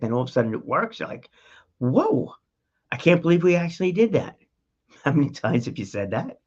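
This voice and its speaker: A man's voice: on the low side, creaky, a little mellow, husky, highs cut off. A man hosting a talk show, giving an emphatic motivational monologue straight to the listener in a coaching tone. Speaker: podcast host.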